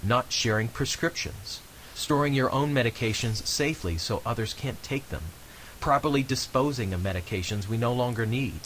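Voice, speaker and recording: A man voicing a measured health advisor. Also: mid-range voice, fairly bright tone, slight background noise, lightly acted, rough recording. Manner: measured, instructive. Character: male adult health official giving calm advice. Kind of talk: scripted game voice-over.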